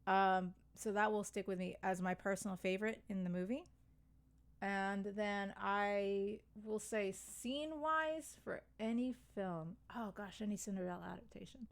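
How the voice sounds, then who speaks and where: A woman co-hosting a casual podcast, gushing excitedly and acting out lines from films. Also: mid-range voice, a little slow, smooth. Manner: excitable, gushing, acts out quotes. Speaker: podcast co-host.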